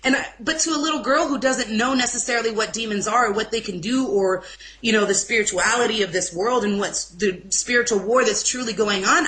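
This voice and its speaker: A young woman giving an emotional personal testimony in an informal interview, speaking haltingly with restarts. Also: fairly high pitch, a bit bright, a little hiss or hum, poor audio. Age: young adult. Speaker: interview guest.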